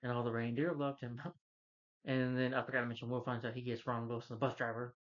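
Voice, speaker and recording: A man's voice: mid-range voice, level tone, quick pace. Rambling man recapping a film. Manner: rambling, loose retelling full of "you know" and "he's like". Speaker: film reviewer. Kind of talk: casual spoken movie recap. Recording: slightly dull lo-fi recording.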